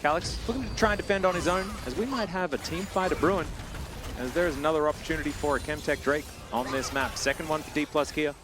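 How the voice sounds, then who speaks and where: A man casting a live esports match on his own, chatting with viewers and jumping up loud and high on big plays. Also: fast, music in the background. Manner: chatty, talks straight to chat viewers. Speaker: esports caster. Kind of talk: live play-by-play commentary.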